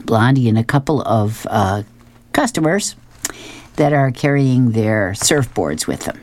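A woman's voice: very deep voice, big pitch swings, unhurried, darkish tone, dry recording. A woman reading newspaper comic strips aloud, describing each panel with chatty, amused asides.

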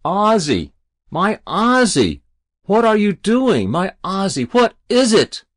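A man's voice: high voice, huge pitch swings, slow, pitched above the performer's own voice, exaggerated voice. A man voicing a bewildered, fretful mother calling to her son. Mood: anxious. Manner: fretful, repeating endearments. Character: anxious Jewish mother, bewildered.

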